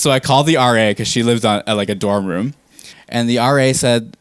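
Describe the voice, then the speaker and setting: A man in his twenties telling a story on a comedy stage, casual and profane with a deadpan edge. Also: mid-range voice, quick pace, smooth, no echo. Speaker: stand-up comedian.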